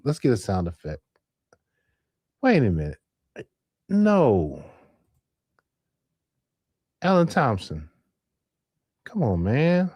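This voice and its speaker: A man's voice: medium pitch, wildly swooping pitch, slow, long pauses, husky, no echo, studio quality. Rambling man streaming late at night. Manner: rambling, laughing, thinking out loud. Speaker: live-stream host.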